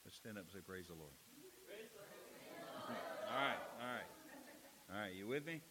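A man preaching a sermon as pastor, with emphatic delivery, dramatic pauses and acted-out quoted lines. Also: fairly low pitch, expressive, very noisy.

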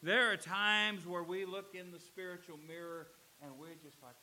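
A man's voice: sits high, moderate pace, hardly any pauses, bright, forceful tone, rough recording. A man preaching a sermon as pastor, telling stories and building to emphatic warnings. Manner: storytelling preacher, rising to emphatic exhortation.

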